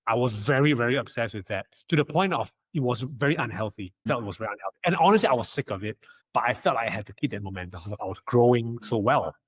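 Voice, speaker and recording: A young man and podcast guest in casual chat, telling animated stories, acting out quotes and often stammering through restarts. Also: mid-range voice, fast, husky, no echo.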